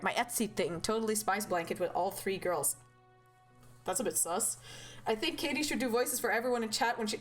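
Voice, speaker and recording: A young woman streaming a game, chatting casually and animatedly with viewers, with loud outbursts and swearing. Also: mid-range voice. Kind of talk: casual live-stream chat.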